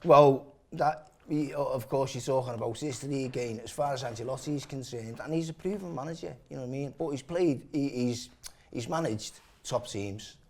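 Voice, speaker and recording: A man's voice: medium pitch, moderate pace. A man arguing passionately for his football club, stammering through restarts and swearing freely. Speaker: football fan guest. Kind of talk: heated football debate.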